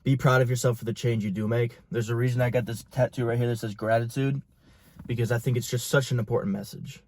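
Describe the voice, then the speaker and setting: A young man in a small, dry room talks straight at the listener like a coach pushing a client. His mid-pitched voice is blunt and full of swearing, and he urges change hard and without letting up. It is a close, dead recording with no room sound around it. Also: steady tone, fast, a little mellow, no room sound. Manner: intense, profane, pushy motivational talk. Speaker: fitness and business coach. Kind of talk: motivational talk to camera.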